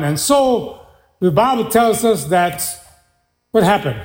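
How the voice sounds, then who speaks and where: A man delivers a sermon in a strikingly high voice, taking his time over each phrase. He tells the story with lively back-and-forth, acting out what the characters say. The sound rings around a roomy hall. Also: slow. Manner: animated storytelling, voicing biblical figures in dialogue. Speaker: preacher.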